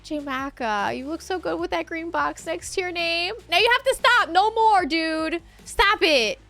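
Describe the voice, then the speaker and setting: Very high, bright-voiced excitable woman streamer. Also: moderate pace, faint music behind. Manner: excitable, giddy, often laughing and exclaiming. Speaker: streamer hosting a tabletop game session. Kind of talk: live stream chat thanking viewers.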